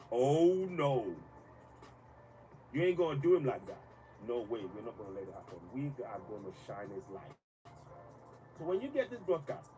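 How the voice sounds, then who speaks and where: A man hosts a broadcast, speaking with a mid-pitched voice in emphatic, passionate bursts broken by halting restarts. He sits some way from the mic, and steady background noise runs under his voice. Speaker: host. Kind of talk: live commentary broadcast. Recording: distant mic with noisy background.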